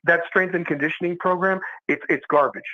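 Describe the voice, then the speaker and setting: Co-hosting a live sports talk show, a man rants hard about his team, swearing a lot and tripping over repeated words as he trash-talks. His voice is on the high side, steady and brisk, with the highs cut off.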